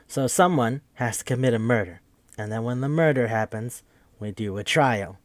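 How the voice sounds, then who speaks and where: A man's voice: mid-range voice, normal speed, no echo. A man hosting a podcast, recapping a game in a rambling, joking, profane casual chat. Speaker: podcast host.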